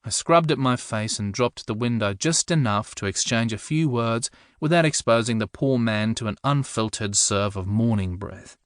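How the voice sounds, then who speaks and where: A male audiobook narrator with a mid-range voice and a dry, wry comic touch, recorded close in a dead-quiet booth. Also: mid-range voice, normal speed, hardly any pauses, no echo. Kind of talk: scripted first-person narration.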